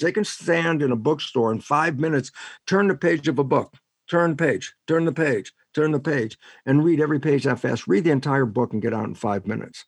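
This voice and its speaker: A man's voice: medium pitch, breathy edge, no echo. An older man, a scientist and author, explaining ideas in an interview and acting out both sides of imagined dialogues. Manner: animated storyteller, acts out both sides of dialogues.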